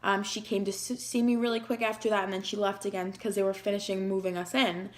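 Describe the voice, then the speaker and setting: A woman's voice: mid-range voice, flat delivery, fast. A young woman vlogger emotionally retelling a personal story in a chatty way, with lots of "like". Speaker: beauty vlogger.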